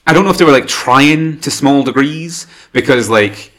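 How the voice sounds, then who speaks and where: A man co-hosting a podcast, talking about a film in a rambling, animated way full of fillers. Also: medium pitch, moderate pace. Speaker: podcast co-host. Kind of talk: casual film chat.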